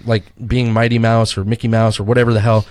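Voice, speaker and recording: A man's voice: lowish voice, level tone, fast, a little mellow. Middle-aged guy cohosting a podcast, rambling stories, swears casually, acts out the quotes. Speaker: podcast co-host. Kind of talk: casual chat. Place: studio.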